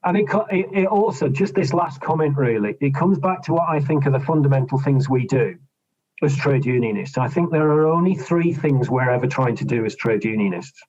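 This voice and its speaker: A man's voice: mid-range voice, lively intonation, a little fast, darkish tone. A man, a trade union official, explaining negotiation tactics in a podcast interview, often repeating words and restarting. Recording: dull lo-fi recording.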